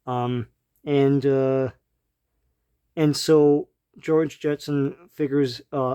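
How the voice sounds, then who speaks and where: A man with a mellow, mid-pitched voice casually walks through an old comic book. He rambles, restarting sentences and filling gaps with ums and uhs. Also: fairly even intonation, extremely slow, clean tone. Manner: laughs lightly between remarks.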